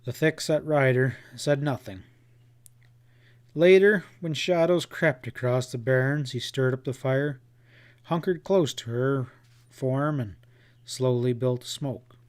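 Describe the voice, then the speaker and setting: Slow, measured male audiobook narrator. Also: mid-range voice. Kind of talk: scripted narration.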